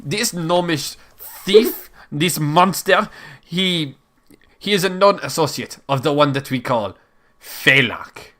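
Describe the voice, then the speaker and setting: A man's voice: medium pitch, measured pace, hardly any pauses, a bit bright, natural voice. A man voicing a pompous, portly baron who reads a decree in a put-on European accent that keeps slipping.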